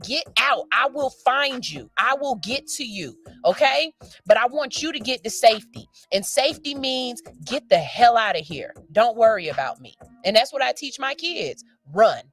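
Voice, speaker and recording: A woman's voice: a little high, lively intonation, moderate pace, fairly bright tone. Emphatic woman on morning radio. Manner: frank and emphatic, with swearing. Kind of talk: casual radio talk.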